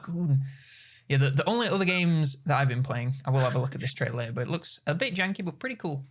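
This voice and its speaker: A man's voice: medium pitch, expressive, very fast. A man co-hosting a gaming podcast in casual chat, joking, laughing and swearing freely. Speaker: podcast co-host.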